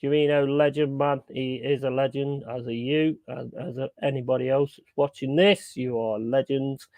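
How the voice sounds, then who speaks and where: A young man chatting on a live stream in a gravelly voice. He is blunt and sweary, hammering his points home by repeating them, and the sound is close and dry. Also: mid-range voice, steady tone, moderate pace, a little mellow, dry recording. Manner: blunt, sweary, emphatic repetition. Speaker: streamer hosting a football watchalong. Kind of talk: casual live-stream chat.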